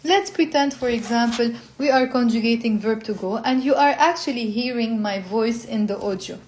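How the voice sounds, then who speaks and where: A woman explaining a language textbook, saying model phrases slowly for learners to repeat. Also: on the high side, a little mellow, a little hiss or hum. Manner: slow, drawn-out model phrases for repetition. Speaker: language teacher.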